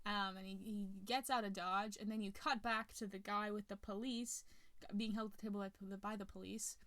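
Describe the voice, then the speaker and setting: A woman's voice: medium pitch, fairly even intonation, fairly quick, a bit bright, dry recording. A woman hosting a podcast, casually retelling a movie's plot in a rambling way, restarting often and acting out the characters' lines. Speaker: podcast host.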